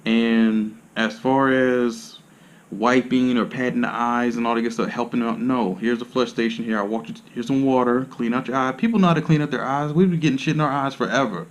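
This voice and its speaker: A man's voice: mid-range voice, fairly even intonation, a little fast. Blunt, profane, rambling, streetwise slang, man, massage therapist, casual talk to camera.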